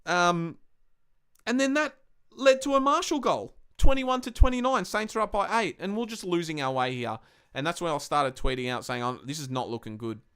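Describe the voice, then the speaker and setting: A man's voice: sits high, lively intonation, moderate pace, fairly bright tone, clean tone. Sweary Australian man ranting about footy. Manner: heated, sweary, ranting fan commentary. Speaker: podcast host. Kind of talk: casual live-stream match review.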